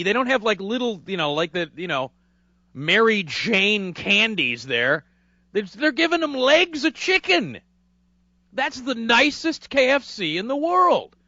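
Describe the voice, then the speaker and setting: A man from hosting a radio show, telling a rambling story in a casual, animated way. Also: high-pitched, no room sound, dull audio. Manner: animated, rambling, acts out voices. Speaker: radio host. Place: radio studio.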